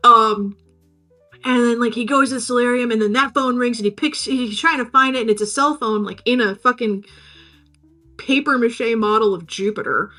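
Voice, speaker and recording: Woman, podcast host, casual storytelling, swears a lot, bright tone, faint music behind. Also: on the high side, moderate pace. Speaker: podcast host recapping a film. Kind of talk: casual chat.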